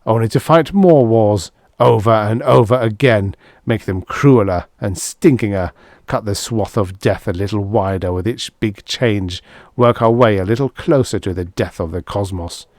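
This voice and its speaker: A man with a low voice voicing a bitter First World War soldier who rants hoarsely and loudly in an audiobook. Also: expressive, normal speed, dry recording, clean studio sound. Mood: ranting. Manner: hoarse, loud ranting that keeps rising. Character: raving shell-shocked WWI soldier, bitter and wild.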